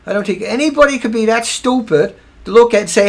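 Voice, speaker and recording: A man's voice: high-pitched, fast. A man hosting a livestream, tired and angry, ranting sarcastically with swearing, repeating himself and restarting sentences. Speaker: livestream host.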